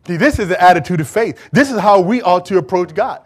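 A man preaching a sermon in church, emphatic and full of rhetorical questions, swinging from shouts to hushed asides. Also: high voice, expressive, normal speed.

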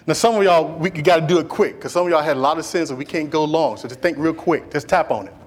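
A man preaching a sermon as pastor, animated and folksy, swinging between loud and hushed delivery with playful asides to the congregation. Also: a little high, quick pace.

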